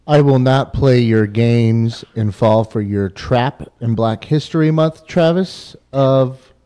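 A man's voice: medium pitch, takes it slowly, warm tone, smooth. A man who works as the show's producer, chiming in with wry, firm remarks. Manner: wry and firmly refusing. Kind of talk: casual podcast banter.

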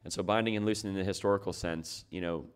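A man's voice: deep voice, fairly even intonation, quick pace, clear, resonant tone. A man preaching a sermon as pastor, talking it through in a conversational way and asking his listeners rhetorical questions.

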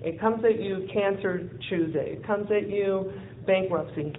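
A woman speaker at a live event, telling a personal story in an animated way, acting out the dialogue and laughing often. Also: medium pitch, measured pace. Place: event venue in front of an audience. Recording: tinny phone-like lo-fi audio with faint hiss.

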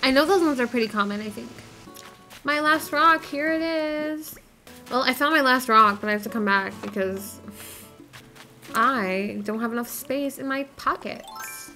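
A woman's voice: high-pitched, unhurried, bright, forceful tone, soft background music. A woman giving casual gameplay commentary, chattering in a scatterbrained, self-deprecating way. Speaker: gaming YouTuber.

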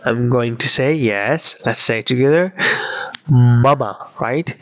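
A man's voice: mid-range voice, slow pace, no room sound. A man from Georgia with a Georgian accent, teaching a beginner language lesson and patiently repeating each word many times. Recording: dull, dry lo-fi audio.

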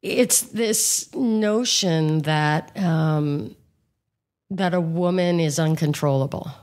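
A woman with a low voice, a coach who is a guest on a podcast. She speaks frankly and with animation, leaning on fillers as she talks. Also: slow pace, a little mellow. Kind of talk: casual conversation.

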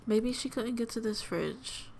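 Young woman host, casual game commentary, slightly high voice, unhurried delivery, chatty and exclamatory, talks to viewers directly. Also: expressive, vocal fry, a little mellow, slight background noise. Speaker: let's play host.

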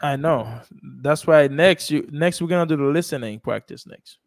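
A man's voice: fairly high pitch, normal speed, a little hiss or hum. A man teaching English in a classroom, explaining in Haitian Creole and French, repeating sentences and asking "ok?" after each point. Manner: asks and praises students, says "ok?" and "good job".

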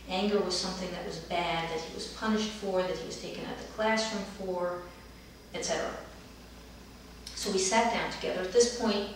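A middle-aged woman therapist recounts a therapy session in a calm, gentle storytelling manner. Her voice sits at an ordinary pitch for a woman. It carries a heavy room echo and is heard from some distance away from the mic. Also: a little hiss or hum. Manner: calm, gentle storytelling, livelier when acting out children. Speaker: dance movement therapist.

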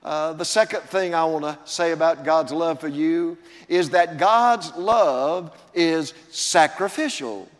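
Older preacher man in a reverberant church. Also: a little high. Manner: preaching with rising emphasis, drawn-out words. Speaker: pastor. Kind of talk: sermon. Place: church sanctuary.

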